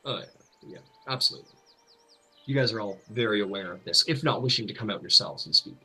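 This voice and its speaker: A man's voice: lowish voice, fast, pushed and bright, slightly rough, low-quality recording. A man narrating a tabletop game as game master, in a loose, rambling way full of fillers. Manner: loose, filler-heavy, many "like"s.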